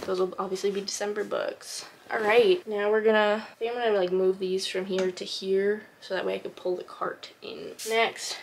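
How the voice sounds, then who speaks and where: Chatty young woman with a gravelly edge. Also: medium pitch, a little hiss or hum. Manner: chatty, rambling, self-correcting. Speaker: book vlogger. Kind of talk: casual chat. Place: home room by bookshelves.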